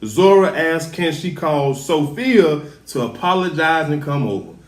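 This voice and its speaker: A man casually recapping a TV episode, chatty and animated as he acts out the characters' lines. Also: a little high, unhurried. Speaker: show recap host. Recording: echoey room.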